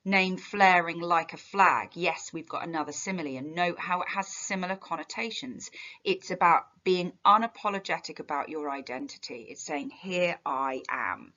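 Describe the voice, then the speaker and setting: A woman's voice: deep voice, moderate pace, bright, forceful tone, dull audio. A woman teacher walking through a poem line by line, chatty and explanatory, with fillers and restarts. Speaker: English literature teacher. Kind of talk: poetry analysis lesson.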